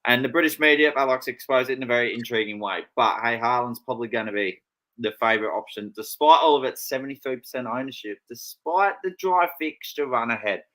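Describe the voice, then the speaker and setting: A man's voice: medium pitch, fast, a bit bright, poor audio. A man co-hosting a podcast on an online call, bantering drily and running through player stats. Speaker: podcast co-host. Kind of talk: casual chat and reading player stats.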